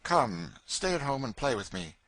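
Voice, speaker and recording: A man voicing an easygoing gentleman father who talks in a dry, teasing way. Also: medium pitch, very animated, moderate pace, no room sound, pitched above the performer's own voice. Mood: wry.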